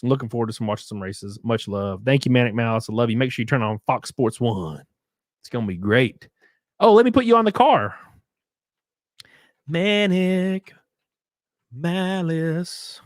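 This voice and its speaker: A man's voice: medium pitch, no room sound, studio quality. A man streaming casually, reading viewer comments and effusively thanking them in a loose, profane way. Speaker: streamer and race car driver.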